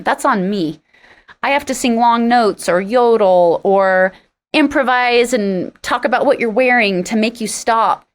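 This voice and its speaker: Middle-aged female singer, podcast guest, emphatic and animated raconteur. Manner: animated, acts out quoted exchanges with sharp jumps in pitch; frank and emphatic. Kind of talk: storytelling in a podcast interview.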